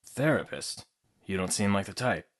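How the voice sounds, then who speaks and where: A man voicing a smooth, flirtatious male antiques dealer in an audiobook, easygoing and teasing. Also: low voice, animated, moderate pace. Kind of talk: audiobook character acting.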